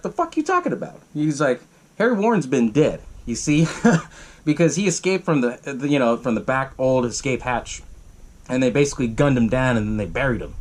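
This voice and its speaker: A man hosting a podcast, casually retelling a horror film's plot in a rambling, profane way, jumping into the characters' lines in raised voices. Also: mid-range voice. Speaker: podcast host. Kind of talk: casual movie recap.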